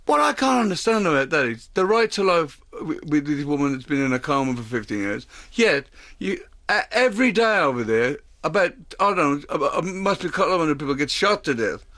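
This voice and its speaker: A middle-aged man with a Birmingham accent talks in loose, rambling bursts, tripping over his words and laughing as he goes. His voice sits a little high for a man and has a bright, tense edge to it. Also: big pitch swings, fairly quick, no room sound, clean studio sound. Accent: Birmingham English. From England. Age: 50s. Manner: rambling, stammering with repeated starts and frequent laughs. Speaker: guest. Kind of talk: casual chat.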